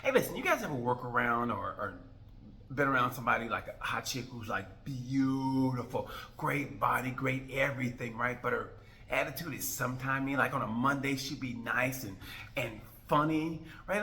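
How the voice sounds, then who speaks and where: A man's voice: medium pitch, normal speed, bright, forceful tone. A man hosting a motorcycle racing review, talking in a casual, jokey rant with rambling, exasperated asides.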